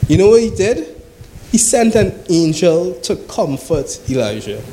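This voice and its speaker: A man's voice: high-pitched, sing-song, a little slow, background noise. A man preaching a sermon. He reads scripture aloud, then explains it in a conversational way, often asking "right?".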